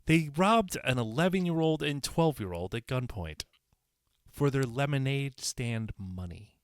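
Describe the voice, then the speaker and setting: A man's voice: mid-range voice, a little slow, clear, resonant tone, no room sound. A man from Connecticut hosting a casual solo podcast, talking bluntly with plenty of swearing and repetition. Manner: blunt, animated, swears and repeats himself. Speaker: podcast host.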